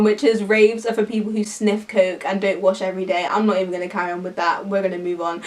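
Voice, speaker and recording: Animated young British woman vlogging. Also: medium pitch, quick pace, far from the mic. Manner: animated, emphatic, lots of "like". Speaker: YouTuber. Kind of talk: casual opinion vlog.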